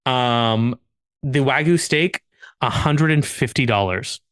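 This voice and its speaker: A man's voice: medium pitch, slow pace, fairly bright tone. A man co-hosting a podcast, telling a long anecdote casually among friends, full of restarts and laughter. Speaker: podcast co-host.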